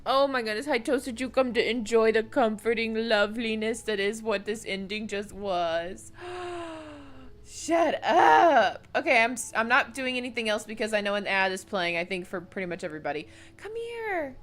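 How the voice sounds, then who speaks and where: At a moderate pace, a young woman's fairly bright, slightly high voice carries her gaming livestream chat, recorded on a desk microphone at home. She gushes, gets emotional, and baby-talks to her pets.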